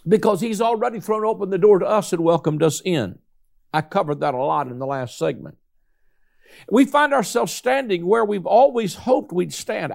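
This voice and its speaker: A man preaching a sermon, emphatic, slowing down to stress key points. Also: high-pitched, gravelly, a little mellow. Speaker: pastor.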